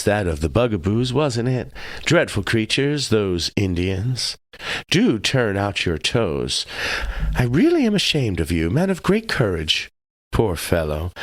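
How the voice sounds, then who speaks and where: A man's voice: lowish voice, slightly rough, no echo, heavily acted. A man voicing a flighty young lady who chatters breathlessly while dancing.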